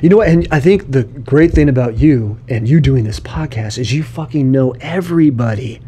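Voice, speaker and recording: A man's voice: medium pitch, expressive, moderate pace, mellow, slightly rough. A man talking as a podcast guest in casual chat, emphatic and swearing freely. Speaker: guest, paint flake business owner.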